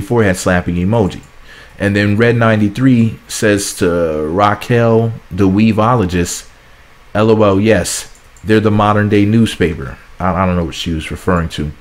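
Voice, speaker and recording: A man hosting a celebrity gossip channel, reading viewers' comments aloud in a chatty, sassy way and laughing at his own asides. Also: on the low side.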